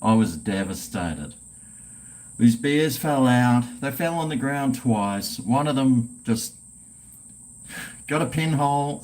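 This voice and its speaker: A man hosting a casual livestream chat, laid-back and swearing freely while drinking. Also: medium pitch. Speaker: livestream host.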